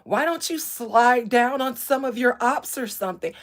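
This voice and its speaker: A woman's voice: fairly high pitch, expressive, normal speed, pitched above the performer's own voice, lightly acted. A woman imitating a whiny, panicky young male streamer who keeps threatening to call the police. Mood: indignant.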